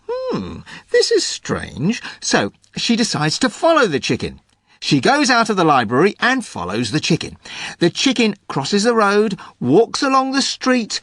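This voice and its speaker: Animated man telling a joke. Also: sits high, no room sound, clean studio sound. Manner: storytelling with playful voices. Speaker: podcast producer telling jokes.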